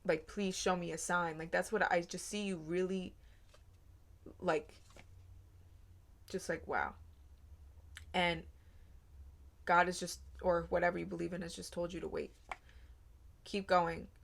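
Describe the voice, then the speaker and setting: Woman reading tarot, gravelly and low. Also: flat delivery, measured pace, pauses often. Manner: earnest, rambling, heavy on "like" and "um". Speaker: tarot reader. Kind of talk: casual spoken tarot reading.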